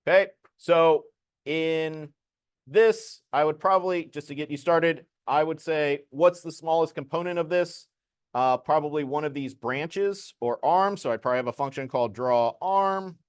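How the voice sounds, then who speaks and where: A man's voice: on the high side, normal speed, smooth, dry recording, studio quality. A man teaching a programming lesson to a class, explaining code casually as he demonstrates it.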